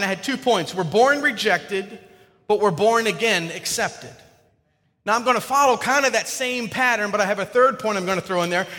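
A man's voice: high voice, sharp tone. A man preaching a sermon to his congregation in a church, conversational and joking with the people in front of him. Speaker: pastor. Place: church sanctuary. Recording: long hall reverb.

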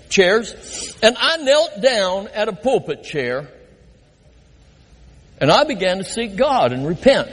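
Husky and high-pitched, this older male pastor delivers a sermon full of personal anecdotes, poking fun at himself over his first years in ministry. His storytelling is lively, and his words echo with the long reverb of the sanctuary.

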